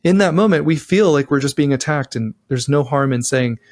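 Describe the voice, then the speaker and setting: On a relationship podcast, a male co-host with a fairly high, brisk, slightly mellow voice chats casually and rambles. He acts out partners' lines to each other, shifting his voice for each.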